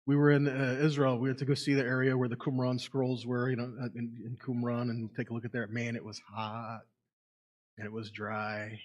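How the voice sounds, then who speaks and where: A man giving a lively Bible teaching to a congregation, asking rhetorical questions and reading scripture aloud. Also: medium pitch, fairly quick. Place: congregation meeting room.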